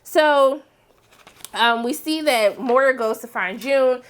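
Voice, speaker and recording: A woman hosting a casual TV recap, chatty and animated, full of "like" and "um" fillers. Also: takes it slowly, smooth. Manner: chatty, heavy use of "like" and "um"; animated, breaks into excited high exclamations. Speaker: TV series review host.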